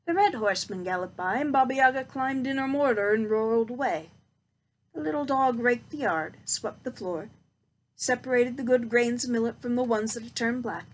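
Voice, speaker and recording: A woman reading a storybook aloud, expressive and slowing down for suspense. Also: a little high, a little hiss or hum, low-quality recording.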